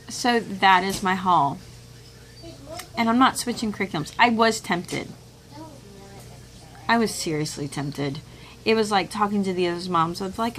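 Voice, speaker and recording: A middle-aged woman chats to her camera at home about homeschool materials, animated and expressive as she acts out quotes. Her pitch sits in the middle range, and a faint background noise runs under her voice. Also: unhurried, pauses often. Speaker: homeschool vlogger. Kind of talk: casual chat, showing a curriculum haul. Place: home room with children nearby.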